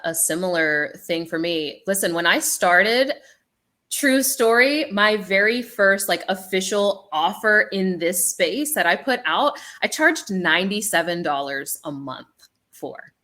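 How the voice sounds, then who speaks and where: On a panel, a woman speaks as an initiated shaman who also has a business background. She's an animated storyteller with lots of ums, using a mid-range voice at a measured pace.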